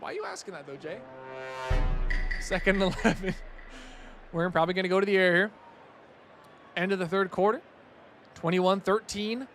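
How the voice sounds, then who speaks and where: A young man giving casual play-by-play commentary on a video game match, excitable on big plays and chatting with his stream viewers. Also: high-pitched, a little hiss or hum. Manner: excitable, rising loud on big plays, chatty asides to chat.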